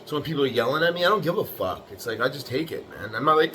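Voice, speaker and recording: This middle-aged man lays bricks and vlogs, and here he talks fast with few pauses in a mid-range voice that sounds pushed, bright and animated. His motivational speech rambles, full of curses and "you know, right?", with a blunt, tough-guy edge.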